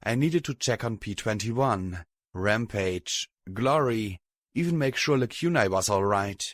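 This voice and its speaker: A man narrating a fanfiction audiobook in the first person, reading at an even, steady pace. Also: lowish voice, unhurried, no room sound, studio quality. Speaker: audiobook reader.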